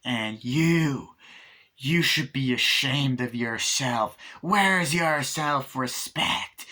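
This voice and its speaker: A man voicing a catty female killer doll from a horror film, scolding slowly with breathy whispered bits. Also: medium pitch, natural voice.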